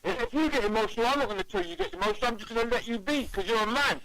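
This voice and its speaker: A man's voice: very high-pitched, lively intonation, rapid-fire, creaky, crowd noise, rough recording. A man calling into a radio talk show, talking emphatically, repeating and stumbling over his words. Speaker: caller. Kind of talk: casual phone-in chat.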